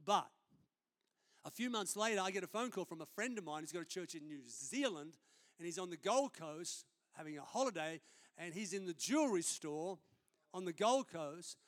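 A man's voice: high voice, animated, moderate pace, a bit bright. A man, a senior pastor preaching a sermon in a conversational, storytelling way during a church service.

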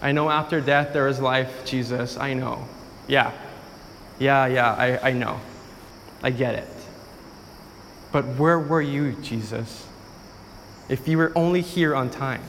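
A man's voice: medium pitch, a little slow, creaky, long pauses, a bit bright, long reverb tail, slight background noise, pitched below the performer's own voice. Weary exasperated grieving woman, as a preacher puts her on.

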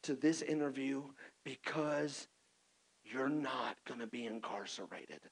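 A man's voice: medium pitch, a little slow, breathy edge, voice pushed down. A man quoting a stern mother.

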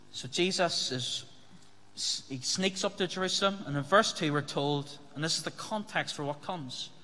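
A man's voice: a little high, bright, forceful tone. A man preaching a sermon as pastor, speaking earnestly and asking the congregation rhetorical questions. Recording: long hall reverb.

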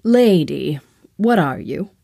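A woman's voice: deep voice, animated, slow pace, gravelly, mellow, dry recording, clean studio sound, exaggerated voice. A woman voicing an entitled male hornet sentinel who mocks and makes demands. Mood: mocking. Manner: mocking, demanding.

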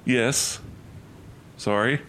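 A man's voice: mid-range voice, fairly even intonation, very slow, a bit bright, slight background noise. A man playing in a tabletop game, speaking in a dry, polite way. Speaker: player.

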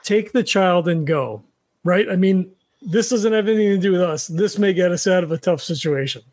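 A man's voice: high-pitched, fairly even intonation, brisk, darkish tone, no echo. A man playing a tabletop game, chatty and full of questions. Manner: chatty, questioning, many restarts. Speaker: player.

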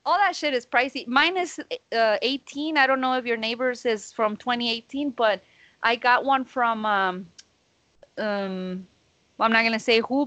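A woman's voice: on the high side, a bit bright, no room sound. Slangy, profane woman telling a story. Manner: profane, slangy, calls listeners "bro"; acts out her own quoted lines. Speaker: podcast co-host. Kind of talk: casual storytelling. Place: at home on a video call.

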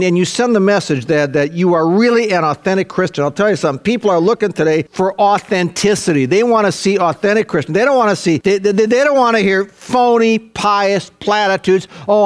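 Older male preacher, earnest and emphatic, slightly high voice, repeats for effect. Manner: earnest and emphatic, repeating key phrases, addressing listeners as folks. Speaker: pastor. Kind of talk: sermon.

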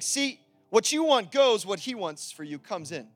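High-voiced preacher man, casual and emphatic. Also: lively intonation, normal speed, hardly any pauses, no room sound, faint music behind. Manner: casual, conversational preaching with swings into loud emphatic bursts. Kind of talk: sermon.

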